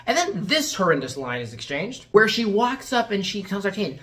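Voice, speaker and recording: A woman's voice: medium pitch, big pitch swings, fairly quick, hardly any pauses, a bit bright, slight background noise. A woman reviewing a movie in a casual rant, sarcastic and exasperated, swearing freely and acting out quotes in mocking voices.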